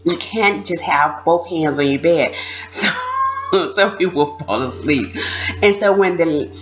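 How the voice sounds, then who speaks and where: A woman with a low, dusky voice tells her story in a relaxed, casual way, animated and quick to laugh as she mimics others. The recording sounds dull and lo-fi, with faint music underneath. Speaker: former prisoner sharing experiences.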